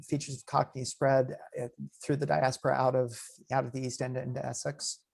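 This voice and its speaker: Male panelist, hesitant delivery, gravelly low texture, video call audio. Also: flat delivery, fairly quick, a little mellow. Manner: hesitant, repeats words while rephrasing a question. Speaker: webinar panelist.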